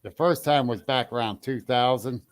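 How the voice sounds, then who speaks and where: A man hosting a casual talk about ghost hunting, chatting and greeting listeners in a relaxed way. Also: medium pitch, moderate pace. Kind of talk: casual chat.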